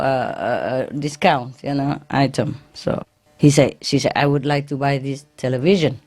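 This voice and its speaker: A woman's voice: sits low, darkish tone. A woman, a spiritual teacher, telling jokes to a gathering, laughing often and repeating words as she goes.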